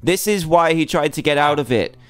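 A young man giving playful, teasing commentary as a gaming video host, jumping into high-pitched mock outrage. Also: expressive, a little fast, clear, resonant tone, dry recording. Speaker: gaming YouTuber. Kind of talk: Minecraft mod showcase commentary.

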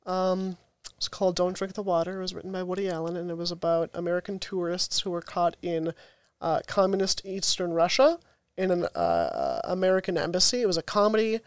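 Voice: medium pitch, lively intonation, fairly quick, clean tone, no echo. A podcast co-host telling a story in a chatty, casual way.

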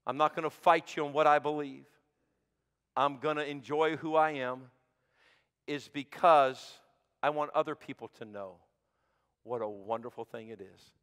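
A man preaching a sermon as pastor, swinging from shouted peaks to hushed low asides. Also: steady tone, moderate pace, long pauses, clean tone. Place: church sanctuary. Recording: sanctuary with long reverb.

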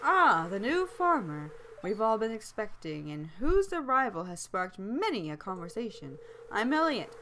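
A woman reading aloud the formal lines of a polite young man from a game, a bit lower and softer than her own voice. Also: big pitch swings, moderate pace, slight background noise, poor audio. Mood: courtly.

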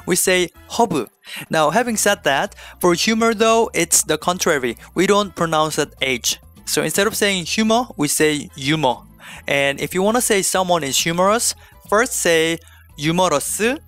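A man delivers an online language lesson in a slightly raised voice, explaining each step clearly and adding playful little jokes. Soft music plays faintly behind him. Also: a little high. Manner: playful, slips in small jokes. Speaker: Korean language teacher.

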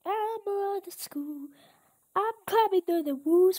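A woman host giving casual gameplay commentary, excitable and exclaiming at each surprise. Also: extremely high pitch, slow pace. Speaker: gaming channel host.

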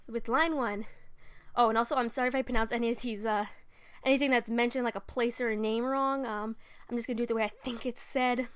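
Young woman, high voice, chatty, self-teasing, dry bedroom recording. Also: fairly even intonation, fast, clear, resonant tone, no echo. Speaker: amateur voice actor. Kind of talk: casual audition vlog. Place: bedroom, recording from her bed.

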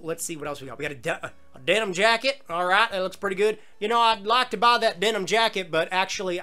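A man giving excitable, jokey commentary on his gameplay and chatting back at the game characters. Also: a little high. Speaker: gaming video host. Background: faint game music.

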